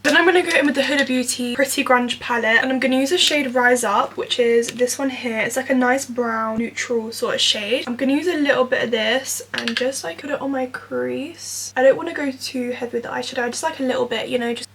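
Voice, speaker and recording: A woman's voice: sits high, fairly quick, few pauses, a bit bright, breathy edge. A woman in her twenties chatting candidly through a makeup tutorial, full of fillers like "like" and "you know". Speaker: vlogger. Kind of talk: casual makeup tutorial talk.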